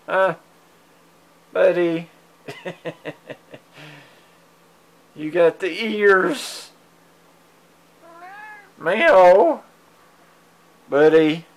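A man at home speaks very slowly to his cats, coaxing them and meowing back. He chuckles quietly between lines. His smooth, resonant voice is picked up by a handheld camera mic. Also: a little high. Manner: fond, coaxing pet talk, meows at the cats, soft chuckles. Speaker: cat owner filming his pets. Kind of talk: casual talk to his cats. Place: at home indoors. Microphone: handheld digital camera mic.

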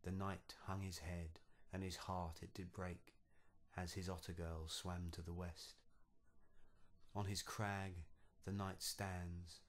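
Guy reading his own fairy tale poem, deep voice, slow, rhythmic. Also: flat delivery. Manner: measured, rhythmic recitation. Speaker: poet and narrator. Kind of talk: storybook verse narration.

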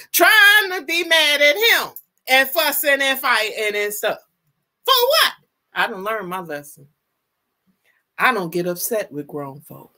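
A woman in her fifties hosting a casual live stream, greeting viewers with exuberant shouts and drawn-out, playful calls. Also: high voice. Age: 50s. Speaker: livestream host.

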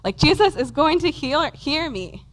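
A woman voicing a desperate blind male beggar who cries out loudly and pleads over and over. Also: sits high, expressive, measured pace, voice pushed up, low-quality recording. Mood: desperate pleading. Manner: pleading, repeated loud cries.

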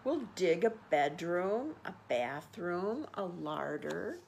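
A woman voicing a small, friendly female chipmunk in a children's storybook, with a squeaky, chirpy manner. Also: sing-song, slow, gravelly, darkish tone, a little hiss or hum, heavily acted. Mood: eager.

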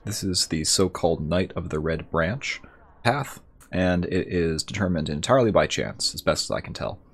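Male game host, deep voice, calm explanatory let's play narration. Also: normal speed, husky. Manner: calm, explanatory, matter-of-fact. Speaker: gameplay video host. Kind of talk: let's play commentary and reading game text.

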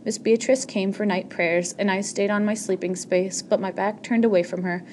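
A woman's voice: medium pitch, steady tone, normal speed, darkish tone, a little hiss or hum. A woman narrating an audiobook chapter in the first person, reading steadily with a few small slips.

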